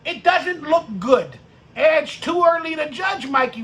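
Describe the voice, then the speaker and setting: A man's voice: very high-pitched, animated, measured pace. Ranting, profane male sports streamer. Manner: profane, ranting, mocking, with bursts of shouting. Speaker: sports podcast host. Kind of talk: live-stream fan rant.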